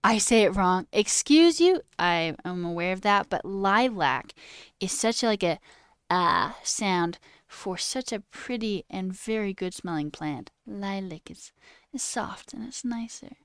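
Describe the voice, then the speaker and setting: A woman's voice: mid-range voice, expressive, unhurried, clear, resonant tone, dry recording, studio quality. A woman streamer in casual, playful live chat, musing aloud and answering her viewers. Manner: playful and chatty, musing aloud over word sounds. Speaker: livestreamer.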